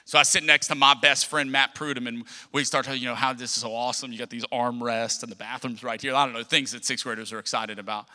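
A young man preaching a sermon in a church, telling humorous personal stories in an animated way. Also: mid-range voice, fast, hardly any pauses. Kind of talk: storytelling sermon. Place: church sanctuary. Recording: long church hall reverb.

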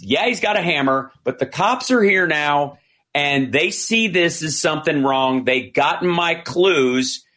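A man in casual discussion, retelling events with many restarts and acted-out quotes. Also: on the high side. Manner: animated retelling, acting out quoted dialogue; frequent restarts and fillers. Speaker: commentator.

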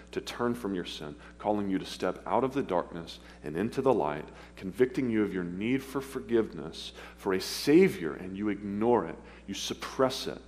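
A man preaching a sermon, earnest and pleading, with pauses as he speaks of his own past. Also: lowish voice, darkish tone. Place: church sanctuary. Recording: long hall reverb, faint hum.

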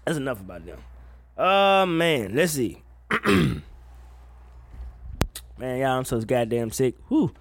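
A man giving a casual, profane solo rant about music gossip, breaking into sudden loud high outbursts. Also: sing-song, slow, pauses often, slight background noise. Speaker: solo commentator.

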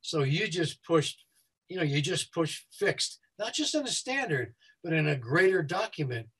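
A man working as a safety consultant. He speaks quickly and explains things step by step as a guest who walks listeners through a website. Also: on the high side, big pitch swings, fairly bright tone, breathy edge, poor audio.

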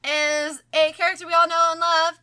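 A young adult woman co-hosting a podcast, telling a creepy story in casual chat, animated and swearing freely. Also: extremely high pitch, normal speed. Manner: animated, swearing, acts out quoted voices. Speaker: podcast co-host.

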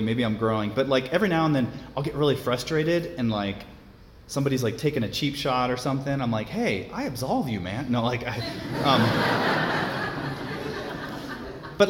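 A man's voice: medium pitch, slight background noise. A young man giving a sermon in a casual, conversational way, with many restarts. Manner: conversational, filler-heavy with frequent restarts. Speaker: preacher. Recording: echoey hall.

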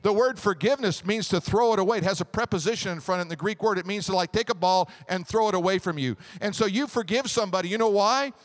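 A man preaching a sermon as pastor, animated, with a joke and call-and-response. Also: high-pitched, fast, hardly any pauses.

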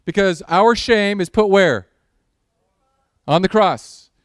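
A male pastor preaching a sermon in a church, opening with a prayer, animated with sarcastic asides and acted-out quotes. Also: high-pitched, slow pace, no echo, clean studio sound. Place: church sanctuary.

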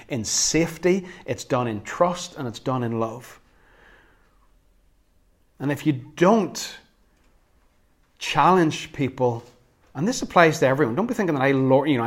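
A man with a Northern Irish accent preaching a sermon, conversational and earnest with flashes of wry humor. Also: mid-range voice. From Northern Ireland. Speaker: pastor.

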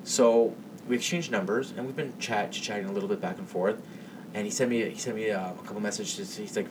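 Lower-pitched male podcast co-host telling a story in a halting way, recorded off-mic with clear hiss. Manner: halting, repeats words while telling a story. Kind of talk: casual storytelling chat. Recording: distant mic with audible hiss.

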